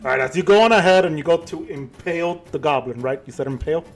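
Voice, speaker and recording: A man's voice: on the high side, fast talker, soft background music. A man running a tabletop game as game master, narrating in a casual, joking way.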